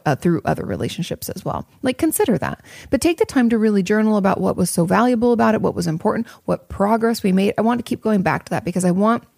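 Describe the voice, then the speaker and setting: A woman in her thirties who works as a therapist talks casually to her viewers, answering their questions in a chatty, reassuring way with lots of fillers and restarts. Her voice sits low and has a gravelly fry. The recording is dry and close, with no room sound. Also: darkish tone, no room sound. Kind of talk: casual advice talk.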